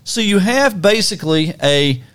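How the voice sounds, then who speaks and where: A man co-hosting a podcast, telling a Bible story in a casual, animated way and acting out scenes with sound effects. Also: sits high, unhurried, smooth. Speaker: podcast co-host. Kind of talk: casual conversational Bible teaching.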